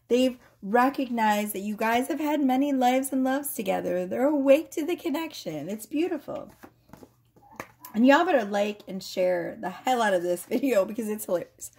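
This tarot reader's voice sits on the high side, with a darkish, husky tone. She chats casually with viewers, giggly, playful and sassy, laughing often.

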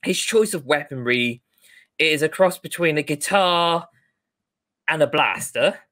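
A man co-hosting a casual podcast chat, animated and quick to act out scenes he retells. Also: a little high. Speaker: podcast co-host.

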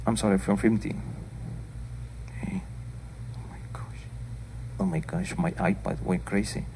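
A man's voice: low voice, steady tone, normal speed, creaky, mellow, in a whisper. An older man preaching as a pastor, speaking earnestly and plainly, with informal asides between scripture readings in a church. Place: church sanctuary. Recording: church hall reverb.

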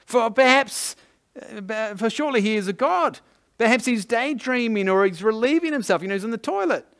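A man voicing a scornful prophet who mocks his rivals in a loud, high, scoffing tone. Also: expressive, fairly quick, full character voice.

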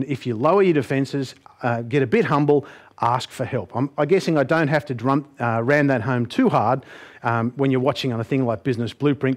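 A man giving a humorous, animated motivational presentation and putting on voices for his stories. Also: mid-range voice. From Australia. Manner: jokey, animated, puts on voices. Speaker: motivational speaker.

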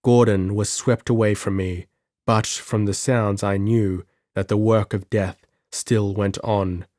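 Slow, low-voiced male audiobook narrator. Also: fairly even intonation, mellow, no room sound, studio quality. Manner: measured, dramatic storytelling.

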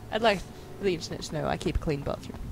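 A woman's voice: lowish voice, brisk, vocal fry. Woman joking around while friends play a game, kinda noisy recording. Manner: teasing, joking, laughs often. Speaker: let's play co-host. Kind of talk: casual gaming chat.

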